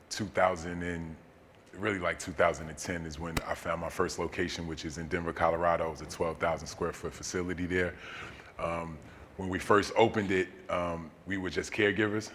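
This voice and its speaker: A man telling a personal story as a guest at a seminar, relaxed and folksy with many fillers, recorded in a large hall. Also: sits low, slight background noise. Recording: long reverb of a seminar hall.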